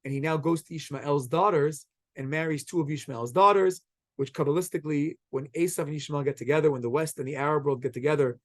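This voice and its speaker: A man teaching a Torah class, telling the story with animated acted-out quotes. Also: fairly high pitch, no echo. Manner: animated, quotes characters in quick acted voices.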